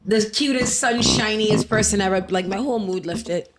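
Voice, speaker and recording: A woman's voice: medium pitch, normal speed. Bubbly woman podcast host. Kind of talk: casual chat.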